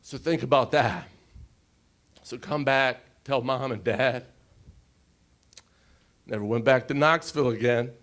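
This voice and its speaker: A man in his forties tells a personal story from a conference stage. He speaks slowly and with emotion, pausing often and turning to the audience with quick asides. His voice sits at an ordinary middle pitch. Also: fairly bright tone. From United States. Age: 40s.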